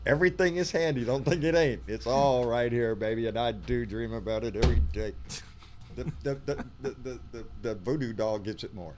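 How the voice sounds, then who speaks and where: A man co-hosting a casual political live stream from a room at home, jokey and animated, breaking into loud mock shouts. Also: mid-range voice, a little fast, noisy background.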